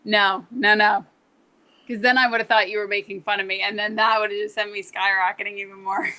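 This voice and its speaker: A woman with a bright, forceful voice chats in a casual group. She tells her story expressively, picking up energy as she goes. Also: mid-range voice, little pitch movement, fast talker, rough recording. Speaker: discussion participant. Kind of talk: casual chat.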